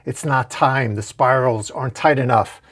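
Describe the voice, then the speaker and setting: A man's voice: medium pitch, normal speed, fairly bright tone, close to an everyday voice. A man voicing an unstable male villain in a comic recap, muttering fretfully.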